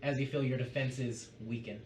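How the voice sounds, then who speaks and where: A man as game master, calmly calling out attack rolls and damage numbers and describing the blows. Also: mid-range voice, normal speed, background noise. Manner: methodical, calls out dice rolls and damage numbers. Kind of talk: running a tabletop game. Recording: roomy, distant mic with music behind. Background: music.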